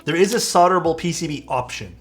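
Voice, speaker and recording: A man's voice: fairly high pitch, expressive, fast. Laid-back male streamer over faint music. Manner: laid-back, rambling, peppered with "dude" and "like". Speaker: streamer building a keyboard. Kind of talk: casual live-stream chat.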